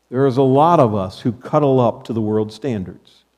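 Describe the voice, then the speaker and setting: A man's voice: medium pitch, lively intonation, moderate pace, darkish tone. A male pastor delivering a sermon to his congregation, repeating key phrases emphatically and quoting scripture. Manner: emphatic preaching with repetition. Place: church sanctuary.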